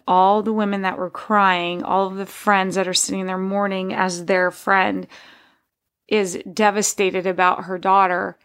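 Woman, podcast host, gravelly voice, candid, heartfelt, personal storytelling. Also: medium pitch, a bit bright.

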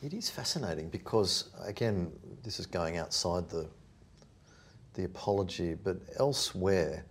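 A man's voice: low-pitched, unhurried, slight background noise. A man in a thoughtful academic discussion, searching for his words and correcting himself as he raises questions. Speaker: podcast discussant.

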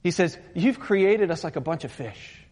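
A man's voice: a little high, animated, normal speed, darkish tone. A man preaching a sermon as pastor, earnest and building to urgent intensity, after an opening prayer. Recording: long hall reverb.

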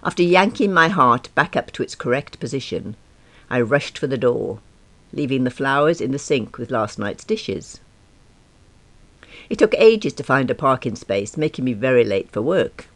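A woman of about fifty reads a first-person diary-style story in a wry, self-deprecating and expressive way. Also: a bass voice, normal speed. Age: around 50. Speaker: narrator.

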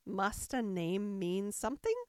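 A woman voicing a polite, gentle and curious young girl in a storybook reading, speaking with mild doubt. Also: medium pitch, a little slow, smooth, dry recording, clean studio sound, natural voice.

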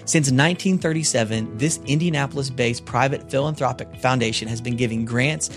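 A man narrating a podcast in a measured, earnest scripted style on a close mic. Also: mid-range voice, music in the background. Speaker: podcast host.

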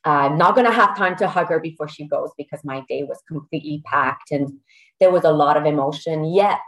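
A woman talking as a podcast guest, emotional and hesitant, pausing to search for words. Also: sits low, a bit bright, low-quality recording. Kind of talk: casual podcast interview.

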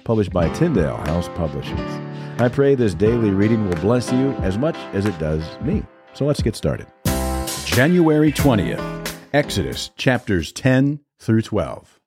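Brief: male podcast host, daily scripture reading, low voice, calm and steady. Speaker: Bible reader and podcast host.

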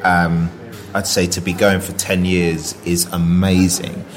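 Brief: deep-voiced male actor guest, reflective and sincere. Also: flat delivery, a little slow. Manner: earnest, reflective, with many restarts and fillers. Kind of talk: casual interview storytelling.

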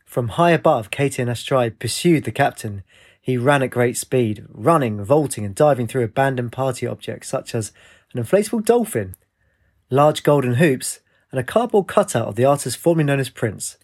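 A man narrating a fantasy story with a measured, expressive reading. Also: mid-range voice.

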